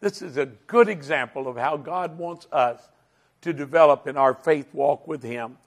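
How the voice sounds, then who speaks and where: A man teaching a Bible lesson as a sermon, earnest and measured, his voice dropping to a hush and then rising to fervent emphasis. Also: fairly high pitch. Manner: slow, earnest, swells from hushed to fervent.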